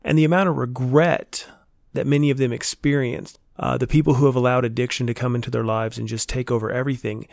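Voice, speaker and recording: A man hosting a solo podcast, speaking in a reflective, earnest and measured way, with a slightly stuffy voice from a stomach bug. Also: medium pitch, steady tone, creaky, darkish tone, no echo, studio quality. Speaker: podcast host and counselor.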